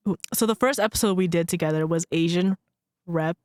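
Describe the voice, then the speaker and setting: A young woman hosting a college radio podcast, teasing her co-host in quick, casual banter. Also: fairly low pitch, darkish tone, no echo, clean studio sound. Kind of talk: casual chat.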